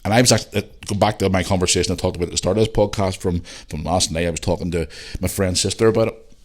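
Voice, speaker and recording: A man's voice: deep voice, fairly even intonation, rapid-fire. A man in his forties hosting a podcast, ranting in a casual, opinionated monologue, swearing freely and repeating points for emphasis. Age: 40s. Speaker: podcast host.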